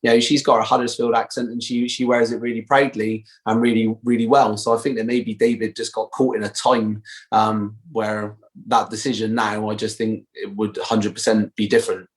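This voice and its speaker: A man's voice: fairly low pitch, flat delivery, normal speed. A man with a Bristolian accent talks loosely and at length as an interview guest. He restarts his sentences often and leans on fillers while he chats. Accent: Bristolian English. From Bristol, England. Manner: chatty, many fillers and restarts. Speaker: guest actor. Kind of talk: casual interview chat.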